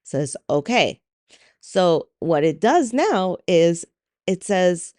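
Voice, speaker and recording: A woman's voice: medium pitch, expressive, measured pace, darkish tone, no echo, clean studio sound. A middle-aged woman hosting a solo podcast, talking candidly and with exasperation, swearing freely as she vents. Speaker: podcast host. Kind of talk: casual solo podcast monologue.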